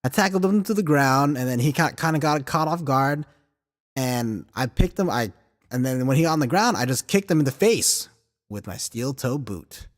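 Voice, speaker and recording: Animated, swearing podcast host man. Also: medium pitch, normal speed, long reverb tail. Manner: animated and profane, heavy filler words, laughing through stories. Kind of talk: casual storytelling chat.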